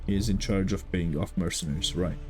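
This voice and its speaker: A man's voice: low-pitched, fairly even intonation, a little fast, music in the background, voice pushed down, natural voice. A man voicing a fussy older male town mayor, reading game dialogue aloud in a dismissive, hesitant way full of uhs.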